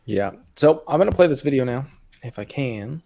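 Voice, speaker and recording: A man's voice: mid-range voice, animated, normal speed, gravelly, darkish tone. A man hosting a live online panel, friendly and affirming, with frequent hesitant fillers. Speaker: live show host.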